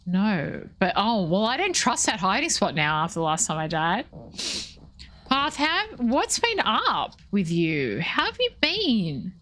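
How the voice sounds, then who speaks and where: A woman's voice: mid-range voice, wildly swooping pitch, measured pace, fairly bright tone. A playful, chatty woman in her thirties with an Australian accent, talking casually with viewers while streaming a game. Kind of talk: casual gameplay commentary.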